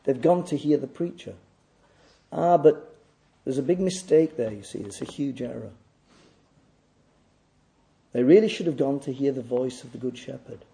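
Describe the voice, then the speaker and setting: A man's voice: mid-range voice, normal speed, vocal fry, pauses often, mellow. A male preacher delivering a sermon, pressing his listeners with rhetorical questions and emphatic repetition.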